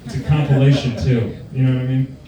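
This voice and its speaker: A man's voice: medium pitch, fairly even intonation, fast talker, far from the mic, a crowd in the background. A young man performing a stand-up set, offhand and self-deprecating, with lots of swearing. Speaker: stand-up comic. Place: comedy club. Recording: roomy club sound from afar, room noise.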